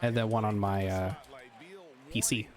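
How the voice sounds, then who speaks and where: A young man chatting casually while playing a basketball video game, talking in a relaxed, low-effort way and laughing often. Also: unhurried, over music. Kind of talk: casual chat while gaming.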